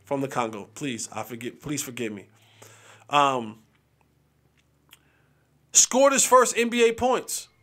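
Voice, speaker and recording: A man's voice: mid-range voice, very animated, slow pace, long pauses, sharp tone. A man hosting a sports talk show, chatting casually and animatedly, acting out what players say.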